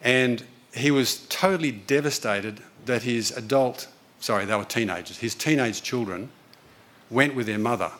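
A man's voice: mid-range voice, moderate pace, fairly bright tone. A man preaching a sermon, telling a story in an earnest, conversational way.

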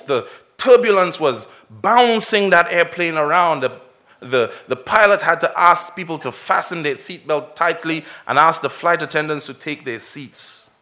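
A man preaching a children's sermon, telling a story with big swells and drops, then asking many direct questions. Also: on the high side. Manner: expressive storytelling, swells and drops in loudness and pace. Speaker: pastor.

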